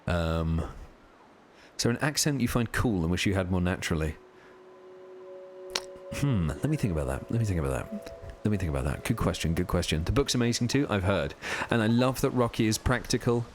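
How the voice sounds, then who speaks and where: A man's voice: low-pitched, lively intonation, normal speed, slight background noise. A man live streaming a video game, chatting casually and rambling as he answers viewers' questions while he plays. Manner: chatty, reads and answers chat while playing; rambling, many fillers.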